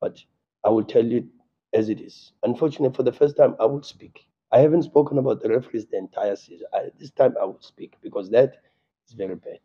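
Impassioned South African football coach. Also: male voice, mid-range voice, fast talker, slightly rough, muffled recording. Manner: impassioned, repetitive, stammering restarts. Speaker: football coach at a press conference. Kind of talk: post-match press conference.

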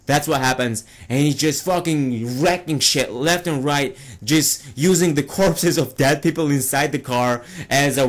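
A young man rants in a casual, off-the-cuff way, swearing freely and sounding exasperated. His voice sits at an ordinary middle pitch for a man. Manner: heated, profane, exasperated. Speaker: movie reviewer and streamer. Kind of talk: casual rant.

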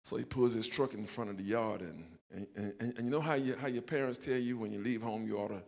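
An older Southern pastor tells a funny personal story from the pulpit, with a gravelly, creaky edge to his mid-pitched voice. He acts out the quotes and laughs at himself. His voice rings out with a long reverb through the church hall. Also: brisk. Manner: animated, self-mocking storytelling with acted-out quotes. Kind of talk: storytelling sermon. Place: church sanctuary.

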